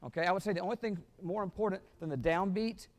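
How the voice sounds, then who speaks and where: A man's voice: high-pitched, fast, darkish tone, in a large hall. A man rehearsing a wind band as a clinician, singing rhythms with syllables and counting the players in.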